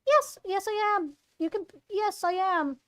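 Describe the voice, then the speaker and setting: Excitable teen girl played by a woman, bright and eager, very high. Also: a little slow, exaggerated voice. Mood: cheerful. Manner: eager, chirpy.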